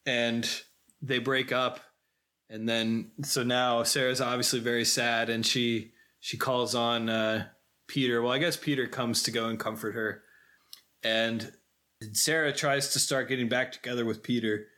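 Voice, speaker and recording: A man's voice: mid-range voice, flat delivery, unhurried, sharp tone. A man co-hosting a podcast, casually recapping a film in detail with frequent fillers. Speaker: podcast co-host.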